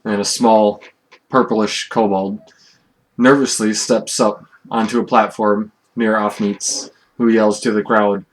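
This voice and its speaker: Slow, low-voiced male game master. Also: level tone, noisy background. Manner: halting, restarts often, then unhurried description. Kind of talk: narrating a tabletop game online.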